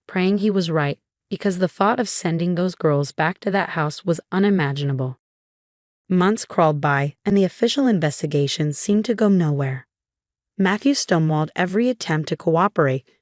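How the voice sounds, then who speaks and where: A woman reading a dramatic first-person story as a scripted narration, in an even storytelling manner. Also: on the low side, dry recording, clean studio sound.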